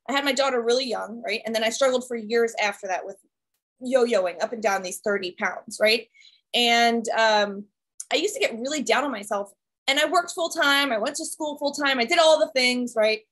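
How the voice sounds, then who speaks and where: A woman leading a video call for her team, telling her story in a chatty, animated way with lots of "right?" and "like". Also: on the high side, normal speed, low-quality recording. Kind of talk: casual presentation to her team.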